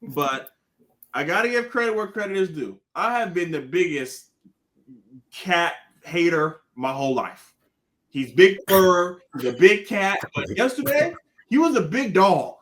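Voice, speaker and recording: A man with a high, bright voice that jumps all over the place as he rants about basketball. He tells his stories animatedly and swears freely, sounding like a casual podcast panelist. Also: very animated, a little slow. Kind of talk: casual sports chat.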